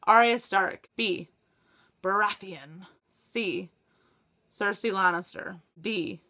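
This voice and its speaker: A young woman chatting to camera for her book vlog, excitable, laughing often and swearing when she gets stuck. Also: medium pitch, takes it slowly. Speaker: book vlogger. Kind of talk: casual chat to camera.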